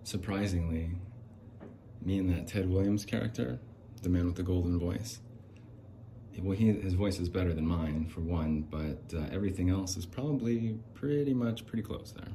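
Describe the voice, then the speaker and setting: Brief: male solo podcast host, very low, dark voice, rambling and self-deprecating. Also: moderate pace, slight background noise. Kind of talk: comedic solo podcast monologue.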